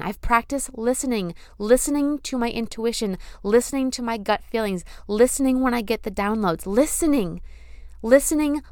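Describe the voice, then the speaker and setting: A woman's voice: a little high, clear, resonant tone, no echo, clean studio sound. A young adult woman hosting her own podcast, talking in a casual, earnest, effusive way and repeating phrases for emphasis. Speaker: podcast host. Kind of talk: casual spiritual podcast monologue.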